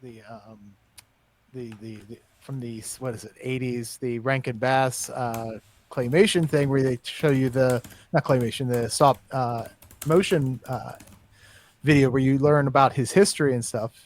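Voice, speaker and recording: A man's voice: mid-range voice, steady tone, a little slow. A man co-hosting a podcast in casual chat, rambling and searching for words with lots of fillers. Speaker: podcast co-host.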